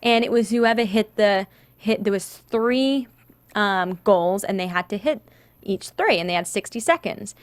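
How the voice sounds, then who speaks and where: A woman's voice: mid-range voice, normal speed, no room sound. A woman from northern England with a Northern English accent, co-hosting a casual sports chat and telling stories with frequent laughter. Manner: giggly, animated storyteller. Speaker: co-host.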